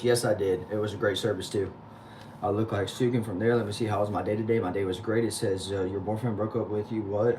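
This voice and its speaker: A man with a Texan accent reading viewer comments aloud quickly on a casual livestream from a back shed, answering each with a short reply. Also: lowish voice. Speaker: livestream host reading chat. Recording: noisy background hum.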